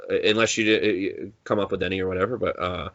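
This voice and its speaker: A man's voice: deep voice, steady tone, fast talker, vocal fry, fairly bright tone, no room sound, dull audio. A man co-hosting a podcast in casual chat, rambling with many restarts and acting out quotes. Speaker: podcast co-host.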